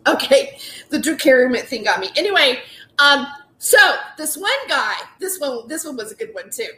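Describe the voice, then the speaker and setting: In a high-pitched, sharp voice with lively intonation at normal speed, a woman comedian in her forties delivers a rambling storytelling monologue full of "like"s, restarts and laughing asides. The recording is reverberant.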